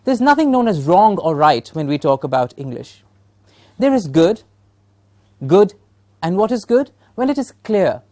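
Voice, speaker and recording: A woman's voice: fairly low pitch, sing-song, a little slow, long pauses, mellow. A woman with a Punjabi accent giving a recorded training lecture to teachers from a studio, asking rhetorical questions with emphatic encouragement.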